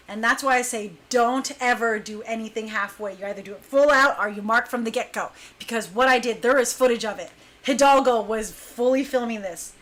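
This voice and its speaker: Brief: young woman, high bright voice, lively casual storyteller who hushes for quoted lines. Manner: animated, acts out quotes in hushed voice. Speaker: dancer telling a story.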